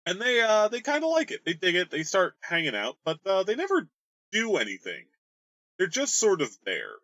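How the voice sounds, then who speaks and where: Game master guy riffing on his world lore, bright animated voice, dry close sound. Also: high-pitched, moderate pace, no room sound. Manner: rambling, jokey, crude humor. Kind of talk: casual worldbuilding explainer.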